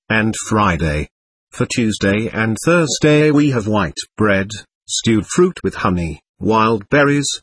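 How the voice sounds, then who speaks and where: A man's voice: mid-range voice, breathy edge, no room sound. A man reading as a timid, earnest visiting monk. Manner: deferential, earnest questioning. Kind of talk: audiobook character reading.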